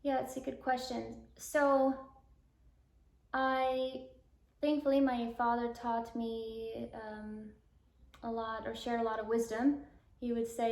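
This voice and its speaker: Guest, woman in her twenties from Alabama, higher voice, rambling storyteller, echoey room. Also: flat delivery, takes it slowly, vocal fry, long pauses, darkish tone. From Alabama, US South. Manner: rambling, lots of "like", acts out quoted dialogue. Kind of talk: personal storytelling interview.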